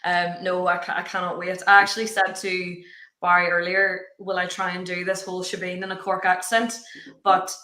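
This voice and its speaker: A woman's voice: fairly low pitch, monotone, moderate pace, bright, forceful tone. Bubbly woman in an echoey room. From Ireland, north coast. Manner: bubbly, laughs often, teasing. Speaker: livestream co-host. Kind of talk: casual livestream chat. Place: room at home, her kitchen.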